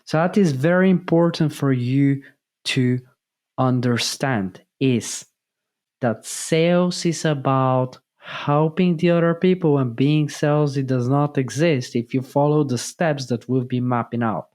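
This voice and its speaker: A man's voice: mid-range voice, a little slow, darkish tone. A man giving a motivational talk as a sales mentor, emphatic and repetitive, often checking in with "okay?". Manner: emphatic, repeats key points, asks "okay?".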